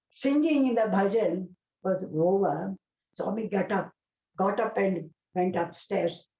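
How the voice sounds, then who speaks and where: A woman's voice: medium pitch, warm tone. An older woman from India with a South Indian English accent, recounting devotional experiences in an emotional, vivid way. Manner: emotional, vivid retelling with many exclamations. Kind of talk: devotional storytelling talk. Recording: roomy echo.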